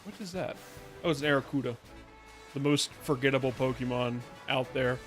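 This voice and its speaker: A man's voice: medium pitch, a little fast, faint music behind. A man giving casual gameplay commentary on his stream, rambling and playful, often restarting his sentences. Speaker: VTuber streamer.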